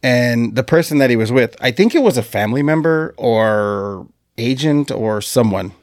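An animated man recounts a story on a casual podcast, his voice rising and falling freely. He laughs often as he talks. The sound is close and dry, with no room around it. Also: medium pitch, moderate pace, no echo. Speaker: podcast co-host.

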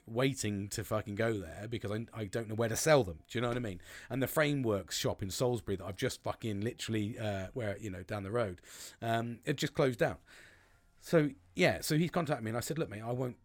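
A man talks things through in a loose, rambling monologue. His voice sits fairly low, and he swears freely and keeps calling people "mate". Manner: rambling, swears often, says "mate" a lot. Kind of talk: casual monologue.

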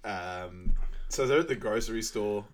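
A man co-hosting a podcast, casually recapping a film in a relaxed, rambling way. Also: fairly low pitch, measured pace, slight background noise. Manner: relaxed, rambling retelling with fillers. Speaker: podcast co-host.

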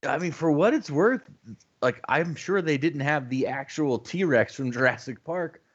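A man's voice: a little high, expressive, unhurried, slightly rough, highs cut off. A man co-hosting a casual movie podcast, laid-back and hedging his words. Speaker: podcast co-host.

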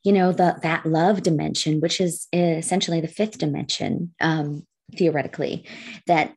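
A woman's voice: low voice, fairly even intonation, moderate pace, darkish tone, husky. A woman co-hosting a podcast in casual chat, giggly and talkative, a little congested. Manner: giggly, chatty, swears casually. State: congested, blowing her nose. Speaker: podcast co-host.

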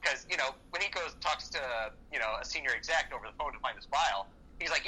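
A man co-hosting a casual movie-review podcast, excitable and profane, often acting out lines from the film. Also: a little high, quick pace, husky, low-quality recording. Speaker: podcast co-host.

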